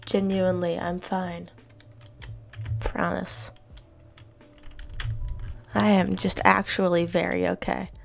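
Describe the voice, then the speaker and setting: A woman streaming a game late at night, chatting casually with viewers and to herself, her voice hoarse from being sick. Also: on the low side, level tone, takes it slowly, pauses often. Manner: chatty, reassuring, talks to chat and to herself. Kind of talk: casual live-stream chat while gaming.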